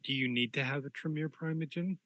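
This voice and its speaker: A man's voice: on the high side, a little fast, bright, forceful tone, no echo, dull audio, pitched above the performer's own voice. A man voicing a courteous outsider vampire who addresses a prince formally and somewhat hesitantly in a tabletop game. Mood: deferential. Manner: polite, formal, a bit hesitant.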